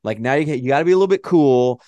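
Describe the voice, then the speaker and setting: A man co-hosting a podcast in casual chat, animated and swearing freely as he jokes around. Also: medium pitch, fast talker, no echo, muffled recording. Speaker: podcast co-host.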